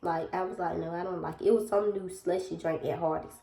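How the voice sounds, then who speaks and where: A woman's voice: lowish voice, steady tone, fast, vocal fry, mellow. A young adult woman vlogger telling a story in casual chat, talking straight to her viewers. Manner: chatty, addresses viewers directly, acts out dialogue. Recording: roomy, echoey room.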